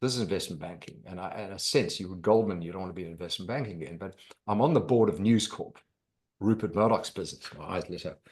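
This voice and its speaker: Brief: middle-aged man, low voice, animated storyteller on a podcast. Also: fast. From South Africa. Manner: lively anecdotal storyteller, acts out quoted voices. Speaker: podcast guest, investor.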